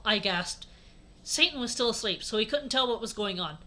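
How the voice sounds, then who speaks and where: A woman reads a story aloud for comedy, dropping sarcastic asides along the way. Her voice sits a little high, bright and forceful. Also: animated, moderate pace. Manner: sarcastic asides, mocking the text. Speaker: host reading aloud. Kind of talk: comedic dramatic reading.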